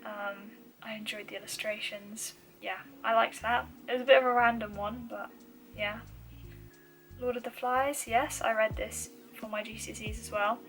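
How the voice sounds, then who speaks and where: A young woman from the UK chatting casually to camera about books she has read, with frequent ums and soft, trailing asides. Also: on the high side, steady tone, moderate pace, faint music behind, poor audio. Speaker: book vlogger.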